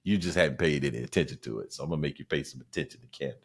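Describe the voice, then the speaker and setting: Southern comic dude in his 40s, low voice, slangy and animated, just riffing on his podcast. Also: rapid-fire, breathy edge. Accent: South Carolina, Southern US. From South Carolina, US. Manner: animated, slangy, repeats phrases. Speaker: podcast host, stand-up comedian. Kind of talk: casual podcast monologue.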